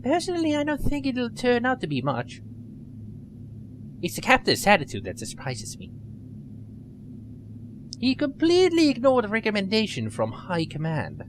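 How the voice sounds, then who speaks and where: A man's voice: very high-pitched, huge pitch swings, moderate pace, long pauses, slight background noise, pitched above the performer's own voice, heavily acted, poor audio. A man voicing a nerdy young female starship pilot in a video game playthrough, prim, formal and earnest.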